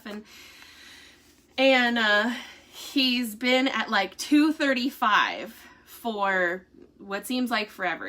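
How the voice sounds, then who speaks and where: A woman's voice: on the high side, sharp tone. A woman vlogging to her viewers in a casual, rambling way, with many fillers and restarts. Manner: laughs while telling a story. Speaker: vlogger giving family updates.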